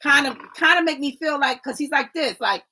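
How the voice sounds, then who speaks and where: Woman doing a card reading on a live stream, kinda high, gravelly fry, keeps saying right? and family. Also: a little fast, heavy background noise. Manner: chatty, repeats "right?" and "family"; stumbles over names, apologizes. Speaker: oracle card reader. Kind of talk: casual livestream reading.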